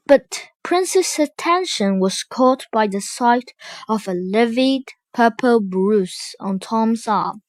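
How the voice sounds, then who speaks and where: A woman reads a children's storybook aloud, slow and careful yet animated. Her voice is somewhat high for a woman, recorded up close and dry with no room sound or echo.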